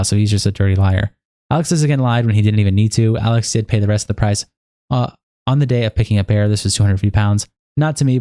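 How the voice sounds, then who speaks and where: A man's voice: mid-range voice, dark tone, no echo, clean studio sound. A young man livestreaming, reading a long document aloud in a casual, profane, sleepy way with bursts of hype. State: sleepy, yawning. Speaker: streamer.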